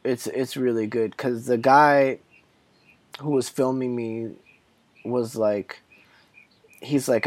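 A man's voice: mid-range voice, fairly even intonation, slow pace, long pauses, darkish tone, dry recording. Man, casual chat, self-deprecating, laughs a lot, dry close recording. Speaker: documentary subject and guest.

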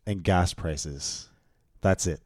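A young Canadian man co-hosting a casual podcast, animated and ranting, swearing often. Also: deep voice, slow pace, no room sound, studio quality. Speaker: podcast co-host.

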